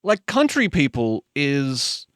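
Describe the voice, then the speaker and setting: Lively Queensland-accented man chatting on stream. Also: mid-range voice, slow, dry recording, studio quality. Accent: Australian, Queensland. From Queensland, Australia. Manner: chatty, laughing, swearing, sleepy. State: sleepy. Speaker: livestream host. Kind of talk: casual chat reading viewer messages.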